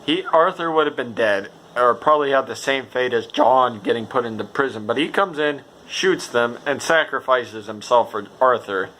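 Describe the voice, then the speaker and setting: Man, stuffy-nosed, bright mid-pitched voice, loose rambling review delivery with swearing and self-corrections. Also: moderate pace, hardly any pauses, slight background noise. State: stuffy nose. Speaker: game reviewer. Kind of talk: casual unscripted game review.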